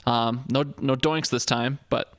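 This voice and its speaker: A man's voice: medium pitch, steady tone, a little slow, fairly bright tone, no echo. A man with a mid-range voice talks through football recaps on a casual podcast, rambling and loose with plenty of fillers. His voice sounds close and dry, with no room sound around it. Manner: rambling, filler-heavy, joking. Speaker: podcast co-host. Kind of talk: casual sports chat.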